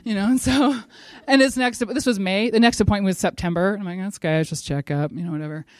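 A middle-aged woman gives a religious devotional talk in an even, middle-range voice. She tells her story with lively energy and speaks directly to her listeners. The sound is dry and close, with no room echo. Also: mid-range voice, fast talker.

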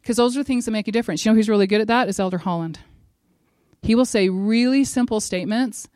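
A middle-aged woman giving a religious devotional talk, telling a personal story in a lively way and speaking straight to her listeners. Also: on the high side, quick pace, no echo, clean studio sound. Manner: animated storyteller who acts out quotes and speaks directly to her listeners.

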